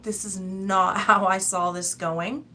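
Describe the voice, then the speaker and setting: A woman's voice: medium pitch, fairly even intonation, takes it slowly, pushed and bright. A woman giving a tarot reading in a casual, chatty, rambling way, often breaking into laughs. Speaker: tarot reader.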